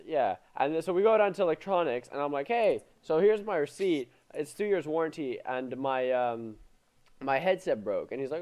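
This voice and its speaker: A man's voice: fairly high pitch, moderate pace. A young man from Finland, co-hosting a podcast, telling a story with lots of asides, talking into a gaming headset mic. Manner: animated storyteller, mimics other people's voices. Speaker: podcast co-host. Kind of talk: casual chat.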